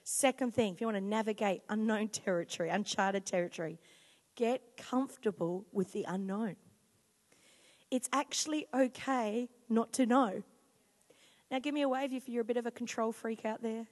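Woman pastor, 40s, high bright voice, lively sermon, long hall reverb. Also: moderate pace. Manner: lively, emphatic preaching to a congregation.

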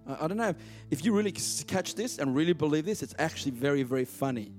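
A man's voice: a little high, lively intonation, fast, darkish tone, soft background music. A man preaching a sermon, emphatic and repeating words for stress.

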